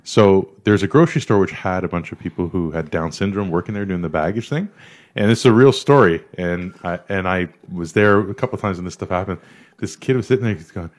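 A podcast co-host in casual chat, telling lively stories and acting out loud voices. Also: male voice, low-pitched, fairly quick.

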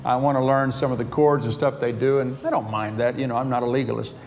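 A man's voice: medium pitch, fairly even intonation, fast, darkish tone. A middle-aged man preaching a sermon, telling stories with chuckles and quoting conversations in his own voice. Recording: reverberant hall, faint background noise.

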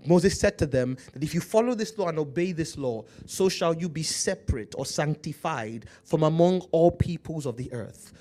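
A man with an African accent preaching a sermon, slowing down to read scripture aloud and calling out to his congregation. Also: on the high side, lively intonation, warm tone. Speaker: pastor.

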